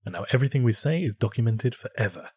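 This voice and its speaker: A man hosting a podcast in casual chat, animated and joking. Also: medium pitch, fast, faint music behind. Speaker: podcast host.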